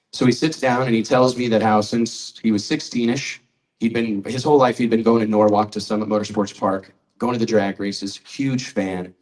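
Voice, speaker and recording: Low-voiced man, storytelling at a podium. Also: distant mic, poor audio. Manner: storytelling, conversational, quotes people. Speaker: magazine publisher presenting honorees. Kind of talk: press conference speech. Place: event hall at a trade show.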